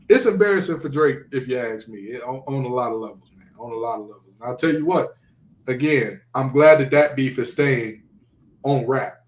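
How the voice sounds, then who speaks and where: A man hosting a casual podcast, ranting in an animated, incredulous way. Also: mid-range voice, a little fast. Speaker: podcast host. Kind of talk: casual sports podcast chat. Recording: roomy echo.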